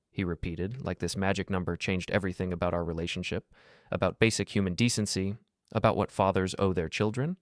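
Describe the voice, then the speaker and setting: A man narrating a first-person story in a steady, scripted storytelling voice. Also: low voice, fairly quick, no room sound, studio quality.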